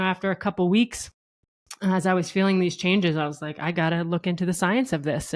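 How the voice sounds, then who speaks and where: A woman in her thirties, a podcast guest, telling her story in lively conversation and acting out what people said. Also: lowish voice. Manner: animated, laughs often, acts out quotes. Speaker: guest, co-founder.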